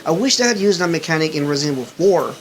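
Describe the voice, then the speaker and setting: A man hosting a podcast, chatting casually about video games in an excitable, rambling way with lots of restarts. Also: on the high side, very fast, slight background noise, poor audio. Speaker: podcast host. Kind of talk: casual gaming chat.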